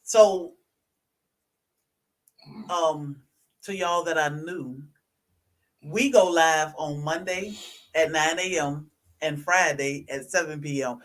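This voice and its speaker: A man hosts a homesteading livestream, his voice a little high. He explains things to viewers in a relaxed, easy way. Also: takes it slowly, long pauses. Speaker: homesteading channel host. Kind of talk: casual livestream talk.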